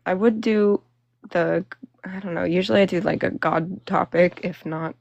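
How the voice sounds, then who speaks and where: A woman's voice: lowish voice, fairly even intonation, moderate pace, vocal fry, darkish tone, dry recording, highs cut off. A young woman hosting a phone livestream, chatting and ranting casually, full of fillers and laughing between phrases. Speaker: livestream host. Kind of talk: casual live-stream chat and rant.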